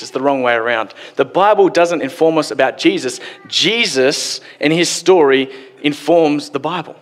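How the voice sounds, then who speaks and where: A man's voice: a little high, moderate pace. A man preaching a sermon in a church, casual and joking, acting out quotes as he goes. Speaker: pastor. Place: church hall. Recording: long hall reverb.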